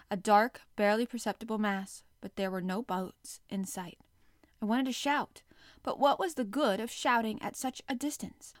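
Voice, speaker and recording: A woman narrating a classic adventure novel aloud in the first person, with expressive, dramatic storytelling. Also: a little high, no echo, clean studio sound. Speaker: audiobook narrator.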